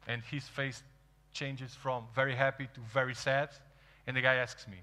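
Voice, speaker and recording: A man with a Portuguese accent, a native Portuguese speaker, giving an animated storytelling talk to an audience and acting out quoted dialogue. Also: mid-range voice, moderate pace. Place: large event hall. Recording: reverberant hall.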